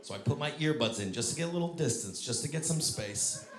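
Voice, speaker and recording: Animated stand-up comedian, man. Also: fairly high pitch, fast. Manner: animated, acts out voices with big shouted peaks. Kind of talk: stand-up storytelling. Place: theater stage with live audience. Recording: roomy live venue with crowd laughter.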